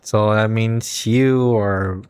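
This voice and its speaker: Very deep-voiced woman streamer. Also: extremely slow, smooth, no echo. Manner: chatty, excitable, stumbling on names. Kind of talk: live game stream reactions.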